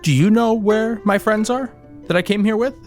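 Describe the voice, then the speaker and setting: A man's voice: high voice, normal speed, a little mellow, soft background music. A man playing a tabletop game in character, speaking in a hesitant, polite way. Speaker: player.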